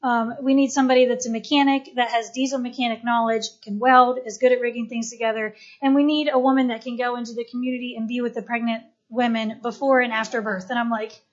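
Casting: eager, chatty woman with a higher voice, giving her testimony on a dull lo-fi recording. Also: level tone, fast, few pauses. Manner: chatty, eager, full of fillers. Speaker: missionary and doula sharing her testimony. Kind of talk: personal testimony to a gathering.

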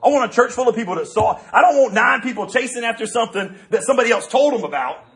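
Fast-talking preacher. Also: male voice, extremely high pitch. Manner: animated, joking, with many restarts. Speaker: pastor. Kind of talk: sermon.

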